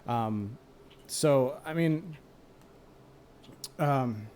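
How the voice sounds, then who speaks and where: This thirties-aged host of a streamed gaming talk show, once a raid leader, reminisces about old raid nights in a candid, rambling way, mocking himself and laughing easily. He talks very slowly in a medium-pitched, darkish voice, and there's a little hiss or hum.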